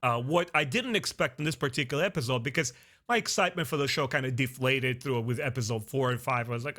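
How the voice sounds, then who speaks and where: A man with a medium-pitched voice reviews a TV series casually to camera, earnest and expressive as he calls his viewers "guys." He often stops with "uh" and starts his sentences over.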